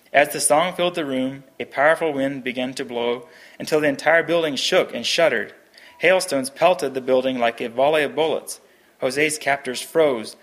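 A man's voice: medium pitch, normal speed, a bit bright. Man reading a story aloud, earnest. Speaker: reader.

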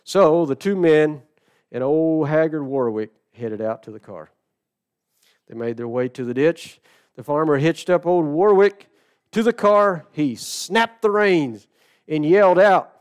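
A middle-aged man preaching a sermon, telling a story with sudden shifts between loud and soft and slow, stressed phrases. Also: mid-range voice, clean tone. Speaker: pastor.

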